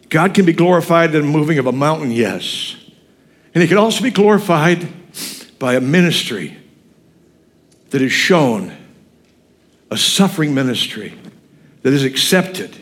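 A middle-aged male pastor preaching a folksy, animated sermon in a church and quizzing the congregation as he goes. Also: on the high side. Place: church sanctuary.

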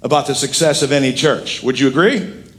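A middle-aged man preaching a sermon as pastor, animated and emphatic with frequent jokes. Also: medium pitch, a little fast, slight background noise.

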